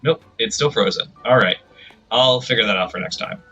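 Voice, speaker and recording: A man's voice: medium pitch, fairly quick, bright, forceful tone, dull audio, faint music behind. A man live-streaming a video game, chatting casually and rambling to himself with self-deprecating remarks.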